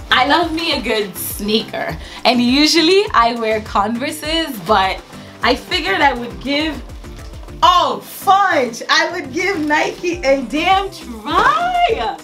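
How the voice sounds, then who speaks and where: Young woman haul vlogger, excitable and gushing, unhurried delivery with a lively, swooping pitch, faint music underneath. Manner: gushing, excitable, exclaims often. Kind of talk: casual unboxing chat.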